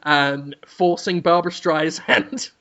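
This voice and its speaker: A man's voice: fairly high pitch, fairly even intonation, slow, fairly bright tone, highs cut off. A man hosting a comedy podcast, riffing with giggles and stammered restarts. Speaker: podcast host.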